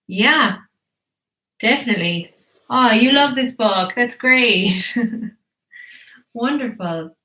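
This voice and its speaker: Woman teacher, slow and bright, animated storytelling for kids in an echoey room. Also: fairly high pitch. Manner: animated, slow and encouraging, asks questions. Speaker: English teacher reading to children.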